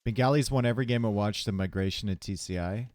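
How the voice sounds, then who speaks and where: A man casting a live strategy game tournament, chatty and relaxed, chatting with viewers between plays from a home stream setup. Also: lowish voice, fast talker, no room sound, clean studio sound. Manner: casual, chatty, talks to chat between plays. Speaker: tournament caster. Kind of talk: live esports commentary.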